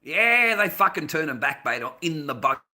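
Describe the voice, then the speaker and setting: An Australian man livestreaming, greeting chat and ranting in a rambling, heavily profane way, swinging between low mutters and loud outbursts. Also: very animated, moderate pace. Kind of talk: casual ranting monologue.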